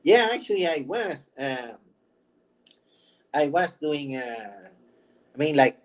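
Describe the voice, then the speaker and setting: A man's voice: fairly high pitch, sing-song, takes it slowly, rough recording. A man hosting his own channel, chatting casually, rambling, laughing often and joking about himself. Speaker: vlog host. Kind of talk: casual chat.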